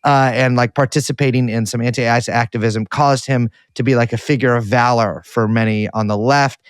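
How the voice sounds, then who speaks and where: A man's voice: mid-range voice, fairly even intonation, normal speed, smooth, no room sound, studio quality. A man co-hosting a podcast, telling a rambling, self-deprecating story in casual chat with lots of restarts. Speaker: podcast co-host reporting back.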